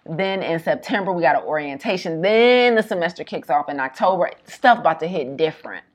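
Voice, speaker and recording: A woman health coach giving an emphatic, colloquial motivational talk, repeating her points in quick bursts. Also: fairly low pitch, expressive.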